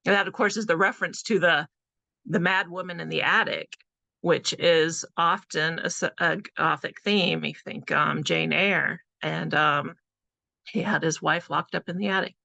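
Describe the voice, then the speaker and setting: A woman's voice: sits low, fairly even intonation, a little slow, creaky, sharp tone, no room sound. A woman from California, an author giving a chatty, casual presentation full of fillers. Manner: chatty, conversational, with frequent fillers.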